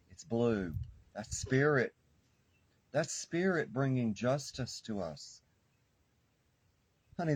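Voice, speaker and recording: A man's voice: mid-range voice, a little mellow, slightly rough, rough recording. A man doing a spiritual tarot reading, speaking fervently like a preacher and repeating phrases for emphasis. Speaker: tarot reader.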